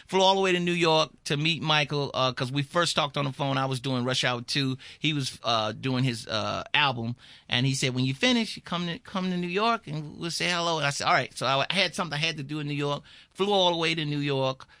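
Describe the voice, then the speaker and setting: Bright, lively comedian man telling stories. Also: fairly high pitch, fairly quick, clean tone, no echo. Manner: lively storyteller, acts out voices, laughs a lot. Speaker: comedian guest. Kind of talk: animated storytelling in a radio interview.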